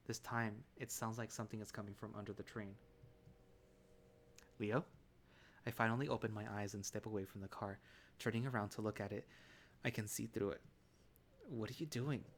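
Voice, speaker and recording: A man narrating a visual novel in first person, calm and relaxed, with small restarts. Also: on the low side, a little hiss or hum.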